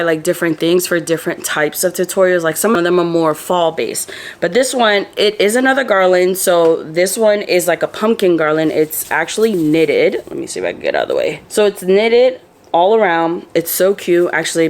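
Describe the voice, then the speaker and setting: A young woman from Florida chatting casually to her viewers as she shows off a haul of finds. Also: lowish voice. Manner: chatty, animated, talks to viewers directly. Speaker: lifestyle vlogger.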